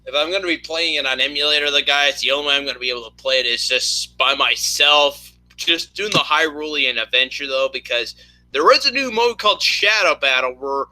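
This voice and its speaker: A man's voice: fairly high pitch, a little fast, sharp tone. A man hosting a casual gaming chat at home, rambling with lots of fillers. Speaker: host. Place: home room with PC.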